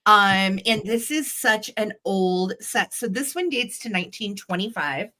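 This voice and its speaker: A woman's voice: medium pitch, measured pace, hardly any pauses, pushed and bright. Chatty woman hosting a live vintage sale. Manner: chatty and enthusiastic, with filler ums. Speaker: host and vintage seller. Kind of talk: live online sales show.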